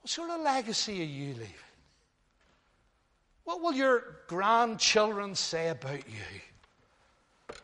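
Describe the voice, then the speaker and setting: Man, 60s, pastor, sermon, emphatic, loud-to-hushed swings, long hall echo. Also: high-pitched, wildly swooping pitch, slow pace, pauses often. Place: church hall.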